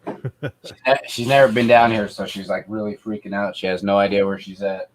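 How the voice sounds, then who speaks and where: A man streaming a casual chat, swearing a lot and cooing softly to his dog. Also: lowish voice, fairly even intonation, fairly quick. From Canada.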